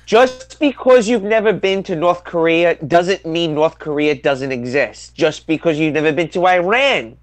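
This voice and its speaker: A man's voice: on the high side, animated, unhurried, hardly any pauses, no room sound. A man hosting a podcast, moving from casual chat into emphatic political commentary and repeating his points for effect. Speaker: podcast host.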